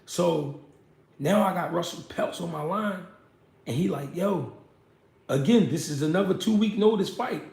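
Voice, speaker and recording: A young man tells stories from his boxing career in loose, profane street talk, often asking "you know what I mean". His voice sits a bit high for a man and has a gravelly edge. The room echoes around him. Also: unhurried, a little mellow. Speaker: former pro boxer telling his story. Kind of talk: casual storytelling chat.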